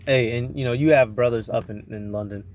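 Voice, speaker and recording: A man's voice: mid-range voice, a little fast, dull audio, a little hiss or hum. A man hosting a reaction show, commenting on clips in casual slang and drifting into preaching.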